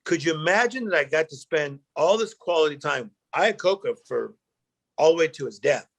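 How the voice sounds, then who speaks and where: Gravelly-voiced man telling stories. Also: a little high, moderate pace. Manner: animated storyteller, acts out quotes, emotional. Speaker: guest, motivational speaker. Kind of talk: storytelling interview chat.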